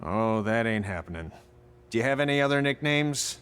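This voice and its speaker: A man's voice: medium pitch, lively intonation, moderate pace, a bit bright, clear, resonant tone, lightly acted. An actor voicing a sardonic veteran male wrestling trainer who teases his students. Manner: sarcastic, teasing. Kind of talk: video game cutscene acting.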